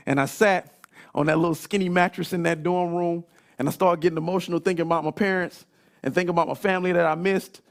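A man in his thirties preaching a sermon, telling stories in an animated way that climbs into shouts. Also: high voice, fast talker, creaky. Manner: animated storytelling, rising to shouts. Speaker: pastor.

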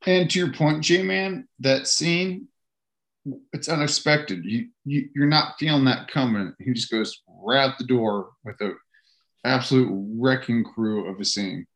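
A man's voice: mid-range voice, a little slow, a bit bright. Blunt, opinionated podcast co-host man. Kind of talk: casual podcast chat.

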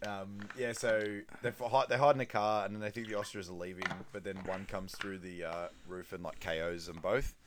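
A man with a fairly low voice chats loosely through a film recap on a podcast. He rambles, leans on fillers and laughs easily as he goes. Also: fairly even intonation, fairly quick, few pauses, background noise. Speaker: podcast co-host. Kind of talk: casual film recap chat.

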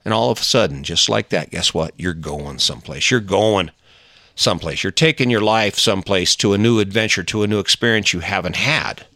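A middle-aged man giving a casual motivational monologue, emphatic and coaxing, acting out little scenes in a higher voice. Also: brisk, bright, forceful tone, dry recording, clean studio sound. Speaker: motivational talker.

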